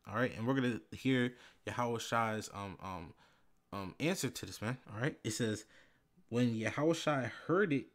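Man teaching scripture casually. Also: medium pitch. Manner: reads scripture slowly and loudly, fillers like "man" and "all right". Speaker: bible teacher. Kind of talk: casual bible lesson.

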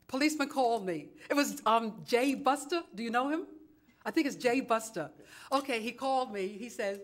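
A woman's voice: a little high, normal speed. A woman from New York giving a chatty, dramatic public comment at a city council meeting, acting out both sides of each conversation. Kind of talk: animated storytelling at a council meeting. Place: council chambers.

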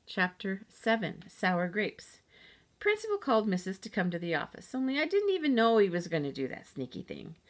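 A woman narrating a children's audiobook in a lively first-person storytelling manner. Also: medium pitch, moderate pace. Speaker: audiobook reader.

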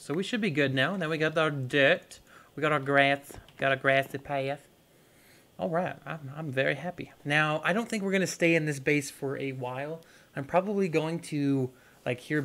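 A young gaming YouTuber with a slightly high, fairly bright voice gives casual let's-play commentary, rambling and chatting to viewers while he plays.

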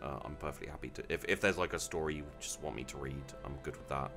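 A man's voice: very deep voice, quick pace, vocal fry, over music. A man hosting a live stream, reading out viewers' tabletop game stories in an amused, conversational way with frequent ums and restarts.

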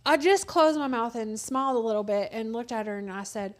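A woman's voice: a little high, fairly quick. A woman in her thirties co-hosting a casual chat, telling stories and acting out the voices of other people. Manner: storytelling, acts out quoted voices. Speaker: co-host.

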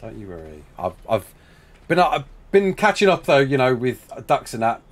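A man's voice: mid-range voice, lively intonation, normal speed, a little hiss or hum. Chatty male gameplay streamer. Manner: chatty, reads chat aloud, talks himself through building. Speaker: live streamer. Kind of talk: casual gameplay live-stream chat.

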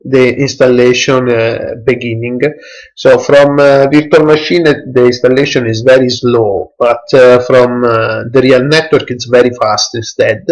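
Halting man, slow tutorial. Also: mid-range voice, steady tone, rough recording. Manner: halting non-native English, many hesitations. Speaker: tech tutorial presenter. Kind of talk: screen-recorded software tutorial.

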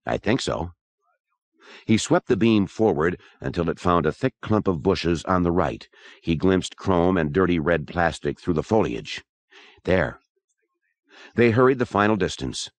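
An audiobook narrator with a very low voice reads a horror novel aloud from a script, steady and measured. The recording is close and dry, with no room sound or echo.

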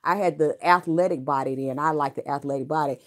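A middle-aged woman with a notably low, deep voice talks straight to her viewers. Her storytelling is candid and loose, wandering from point to point with blunt, salty words. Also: fast talker. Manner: frank, rambling, salty, with profanity. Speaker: vlogger.

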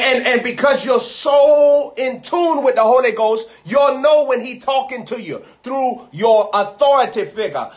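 A man preaches a live sermon with emphasis, rising to loud, high peaks on key words. He repeats phrases and builds them into lists.

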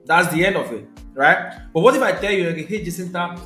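Man, fairly high voice, chatty repetitive teaching, echoey room, faint music behind. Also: sing-song, a little fast, bright, forceful tone. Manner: conversational, repeats key points, checks in with viewers. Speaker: sales trainer. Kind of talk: live-streamed teaching session.

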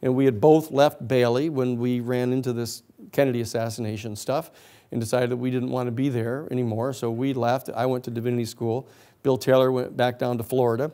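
A man's voice: mid-range voice, a little fast. A middle-aged man, a lawyer, giving a storytelling lecture and acting out the voices of people in his story. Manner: animated storyteller acting out quoted voices, laughing often.

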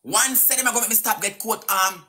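A woman's voice: mid-range voice, fairly quick, bright, forceful tone. A woman with a Jamaican Patois accent ranting angrily on a live stream, cursing and taunting, sometimes half singing her words. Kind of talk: angry live-stream rant.

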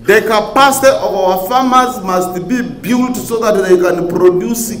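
A man's voice: high-pitched, measured pace, background noise. Male minister from Uganda, public speaker, repeats points for emphasis, roomy conference hall sound. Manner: oratorical, repeats key phrases for emphasis, rising to emphatic peaks. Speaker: government minister giving a conference speech. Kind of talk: public speech to a conference audience.

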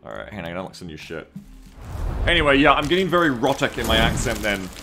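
A man's voice: mid-range voice, very animated, fast talker, bright, forceful tone, soft background music. A man streaming a game live, chatting casually and reading viewer comments aloud. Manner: chatty, reads viewer comments aloud, often second-guesses himself mid-sentence.

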